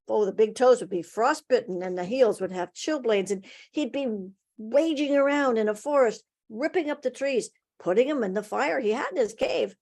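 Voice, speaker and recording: At an online story swap heard over a video call, a woman with a slightly high voice tells a folktale. She is expressive and uses dramatic pauses and emphasis.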